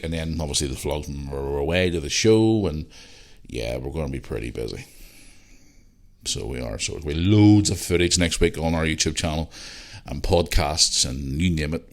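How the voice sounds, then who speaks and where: A man with a Northern Irish accent hosting a casual solo podcast, rambling and chatty, repeating himself and swearing freely. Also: a bass voice. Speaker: podcast host.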